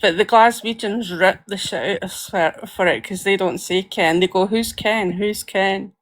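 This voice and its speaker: A woman with an East Coast Scottish accent in casual chat, talking loosely with a lot of "like" and quick laughs. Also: medium pitch. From Scotland. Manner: chatty, fillers of "like", laughs easily.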